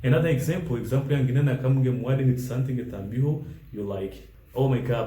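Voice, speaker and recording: A man gives an English grammar lesson, moving between English, French and a local language as he slowly reads out example sentences. His voice is mid-range with a dark tone, and the audio is poor, recorded in an echoey room.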